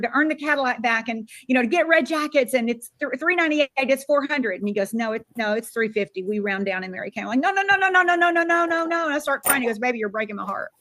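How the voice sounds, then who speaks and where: Older woman telling an animated story. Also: fairly high pitch. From Florida. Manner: animated, acts out quoted dialogue. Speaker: sales director giving a keynote talk. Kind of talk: motivational storytelling speech.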